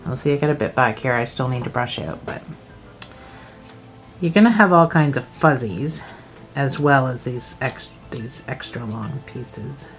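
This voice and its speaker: A Scottish woman explaining crochet steps in a relaxed, chatty way, thinking aloud and joking at her own expense. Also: extremely low pitch, measured pace, faint music behind, rough recording. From Scotland. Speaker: crochet teacher. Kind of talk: casual step-by-step craft tutorial.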